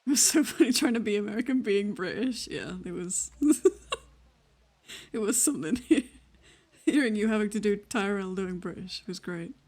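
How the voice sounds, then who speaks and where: A woman's voice: medium pitch, expressive, normal speed, darkish tone. A Welsh woman playing in a tabletop role-play stream, chatting casually between scenes, laughing often, swearing freely and teasing. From Wales. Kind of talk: casual banter on a live stream.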